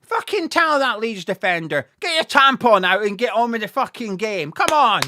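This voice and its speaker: A man doing live fan commentary on a match, sweary and excitable, talking straight to his viewers. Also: high-pitched, moderate pace, background noise. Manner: sweary and excitable, shouting at goals.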